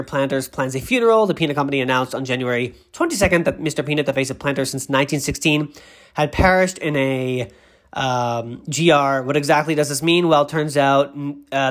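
A speaker from Boston with no regional accent, recapping commercials in a rambling comic monologue from a bathroom, digressing and tripping over words. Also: mid-range voice.

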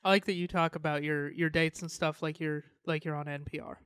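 A man's voice: a little high, steady tone, a little fast, fairly bright tone, smooth. A man in casual chat, adding light reactions and short asides.

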